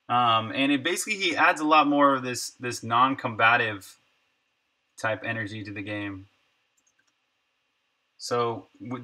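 Sharp-voiced man thinking aloud. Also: mid-range voice. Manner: thinks aloud, trailing off and muttering numbers. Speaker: indie game developer streaming his work. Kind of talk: casual livestream chat while working.

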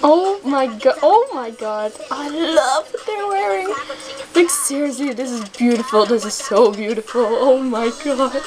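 A young woman reacting to a music video, gushing and gasping, with excited exclamations again and again. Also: high-pitched. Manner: gushing, gasping, repeats oh my god. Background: music playing.

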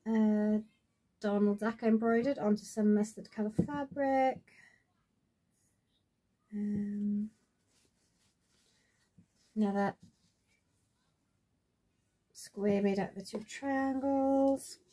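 A woman's voice: mid-range voice, very slow, long pauses, dark tone, slightly rough. A woman, chatting at home in a rambling, casual show-and-tell about her sewing, full of fillers and asides. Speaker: crafter showing her sewing projects.

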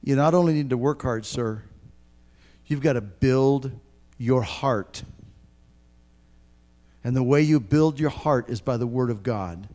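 A man in his sixties preaching a sermon as pastor, earnest and emphatic, speaking straight to his listeners and swinging from hushed to loud. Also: mid-range voice, unhurried, pauses often. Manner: addresses listeners directly.

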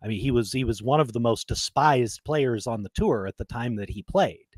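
A man co-hosting a casual podcast chat, talking at a middle pitch in an emphatic, storytelling way. The sound is dry and close, with no room around it. He builds his points with plain conversational force. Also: expressive, moderate pace, dry recording. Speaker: podcast co-host.

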